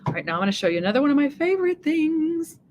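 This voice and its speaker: A woman's voice: sits high, big pitch swings, very fast, darkish tone, a little hiss or hum. A woman giving a chatty live makeup demonstration, often checking in with her viewers. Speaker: makeup presenter on a live stream.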